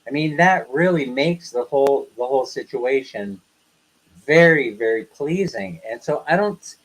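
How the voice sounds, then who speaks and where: A man's voice: mid-range voice, lively intonation, a little slow, rough recording. An older man hosting a casual livestream, telling stories in a chatty way, laughing often and acting out what people said. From the West. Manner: chatty storyteller, laughs often, acts out quoted lines. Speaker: livestream host. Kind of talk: casual live chat.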